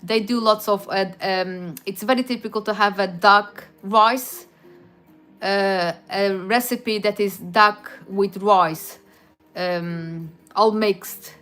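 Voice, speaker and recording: A woman's voice: mid-range voice, steady tone, slow pace, a bit bright, faint music behind. A woman from Portugal with a Portuguese accent, hosting a livestream and chatting casually through viewer comments, with frequent hesitations and restarts. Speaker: livestream host.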